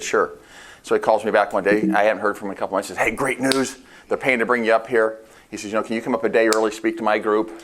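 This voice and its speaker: A man leading a real estate sales meeting, telling stories casually in a meeting room. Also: lowish voice. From United States. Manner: casual, animated storytelling with laughs and acted quotes. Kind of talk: storytelling talk to a sales meeting.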